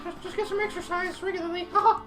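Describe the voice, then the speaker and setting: A rambling, fussy male school nurse who stumbles over his words and gets rude, as a woman puts him on. The voice is high and sits a bit away from the mic, with game music underneath. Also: fairly even intonation, quick pace, recorded from a distance. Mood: joking. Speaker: let's play player.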